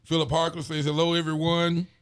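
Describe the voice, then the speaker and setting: A man, a sheriff hosting a casual local show, relaxed and folksy as he reads out viewer greetings. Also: a little high, brisk, clean tone. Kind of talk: casual call-in style show chat.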